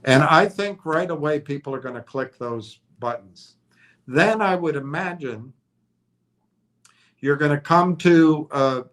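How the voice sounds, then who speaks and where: A man's voice: on the high side, a bit bright. A man hosting a stock stream, speculating in a rambling, hesitant way with frequent restarts and fillers. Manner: rambling, hesitant, thinking aloud with many restarts. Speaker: stock commentator. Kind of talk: casual speculative monologue.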